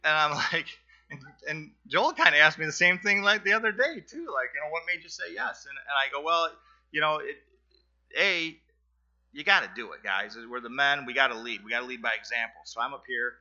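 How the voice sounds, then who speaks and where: A man's voice: a little high, expressive, pushed and bright, highs cut off. Nervous man giving a church testimony. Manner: halting, many fillers and restarts, earnest. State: nervous, sweating. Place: church, in front of a congregation.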